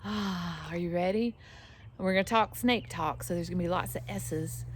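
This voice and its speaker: A woman's voice: lowish voice, background noise. A woman teaching young children in a playful, encouraging way, leading counting games. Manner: playful and encouraging, slow and sing-song.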